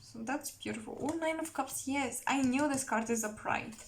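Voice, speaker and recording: Chatty higher-voiced woman reading tarot. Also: moderate pace, background noise. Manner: chatty, rambling, giggly, with many fillers and self-corrections. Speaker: tarot reader.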